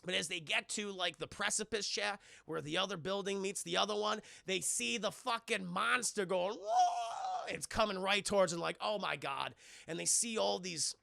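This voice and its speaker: A man streaming a casual, profane movie recap to his chat, animated and acting out the characters' lines. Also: high-pitched, moderate pace, vocal fry, no room sound, clean studio sound. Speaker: streamer and film reviewer.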